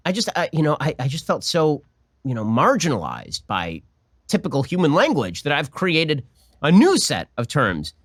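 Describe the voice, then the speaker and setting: Sarcastic young male talk host: a highish, very lively voice that mocks his subject as he goes. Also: normal speed, dry recording, clean studio sound. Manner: mocking, sarcastic, animated. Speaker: political talk show host. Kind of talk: sarcastic political commentary.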